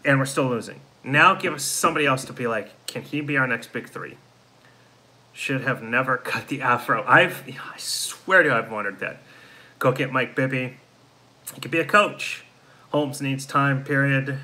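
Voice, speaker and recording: A tired, yawning host of a live fan show reads viewer comments aloud and responds in a frustrated, deflated way during casual chat. His medium-pitched voice is bright and forceful at a moderate pace, on a low-quality recording.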